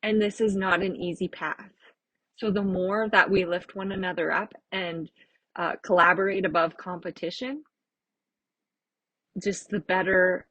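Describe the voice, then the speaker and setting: Earnest husky-voiced woman. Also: lowish voice, a bit bright, dry recording, poor audio. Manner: earnest, reflective, rambling with fillers. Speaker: podcast host and artist. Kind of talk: casual heartfelt monologue.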